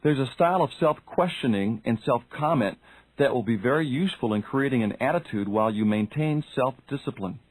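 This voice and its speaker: A man's voice: medium pitch, lively intonation, brisk, dry recording, poor audio. A man reading a self-help audiobook, speaking directly to the listener and asking questions. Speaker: audiobook narrator. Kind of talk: scripted self-help narration.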